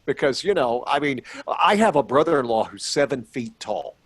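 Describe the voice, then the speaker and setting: A man's voice: mid-range voice, animated, normal speed, husky, dry recording. A man hosting a radio show, asking joking, teasing questions in a casual interview over a video call. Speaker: radio host.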